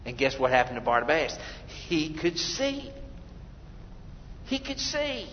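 A man preaching a sermon, swinging between loud exclamations and hushed, quiet lines. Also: fairly high pitch, sing-song, slow, slight background noise. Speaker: pastor. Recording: dull lo-fi recording in a reverberant hall.

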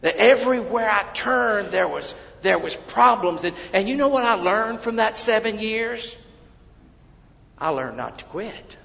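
A man preaching a fervent sermon as pastor of a church, swinging from shouted lines to hushed asides. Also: high-pitched, expressive, unhurried, vocal fry. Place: church sanctuary. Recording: dull, lo-fi, with long hall reverb.

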